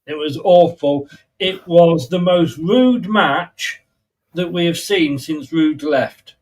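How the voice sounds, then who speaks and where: A man with an English accent co-hosting a football chat, blunt and full of banter, often halting. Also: on the high side, darkish tone. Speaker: co-host. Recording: distant from the mic.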